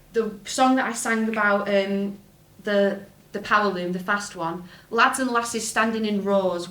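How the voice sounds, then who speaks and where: A young woman with a Lancashire accent giving a talk at a folk festival, with a wry, self-mocking humour and laughing asides. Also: medium pitch. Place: festival talk venue, indoors. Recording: echoey room from a live talk.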